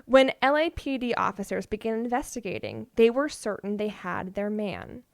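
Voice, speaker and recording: A woman's voice: medium pitch, big pitch swings, normal speed, gravelly, no echo, studio quality. A woman co-hosting a podcast, telling odd stories in a playful, casual way and often laughing. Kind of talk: casual storytelling chat.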